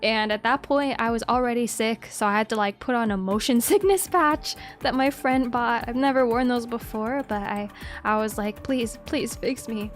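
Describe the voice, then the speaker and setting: A young woman streamer chats casually with a high voice, breaking into giggles again and again and swearing freely. Faint music plays quietly behind her. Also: normal speed.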